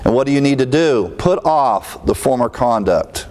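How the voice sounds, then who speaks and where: A man's voice: mid-range voice, lively intonation, moderate pace, a little mellow. A man preaching a sermon in a conversational way. He repeats key phrases for emphasis and acts out little everyday scenes in other voices.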